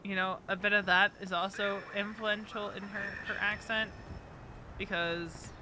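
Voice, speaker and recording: A woman from New Jersey streams a game and chats casually, rambling along with lots of ums. Her voice sits in the mid range with little pitch movement, and she talks a little slowly. Game ambience and vehicle noise play behind her.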